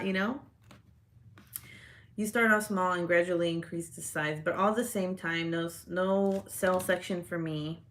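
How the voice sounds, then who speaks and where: She's a livestream host in loose, casual conversation, frequently laughing and swearing as comments come in. The voice sits at medium pitch with a fairly bright tone, delivered at normal speed.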